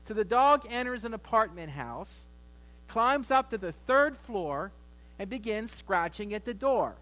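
A middle-aged man preaching at a Thanksgiving service, with a notably high voice. He talks in a relaxed, folksy way, sliding into homely stories and jokes to make his point. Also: unhurried, poor audio. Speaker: pastor. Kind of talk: Thanksgiving sermon.

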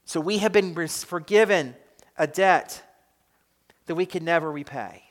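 A male pastor delivers a sermon emphatically, swinging between loud stresses and quiet drops. His voice is on the high side with a measured pace, and the recording carries an echoey hall reverb.

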